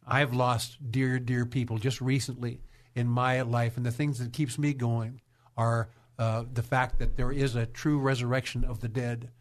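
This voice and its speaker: A man's voice: medium pitch, little pitch movement, normal speed. A man hosting a Christian radio talk show, speaking in a folksy way and often repeating his words. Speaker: radio host.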